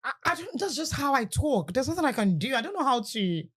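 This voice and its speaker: A woman co-hosting a casual podcast chat. Her pitch swings widely as she talks, and her tone is blunt and direct. She laughs easily between points. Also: slightly rough. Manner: blunt, quick to laugh, animated. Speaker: podcast co-host.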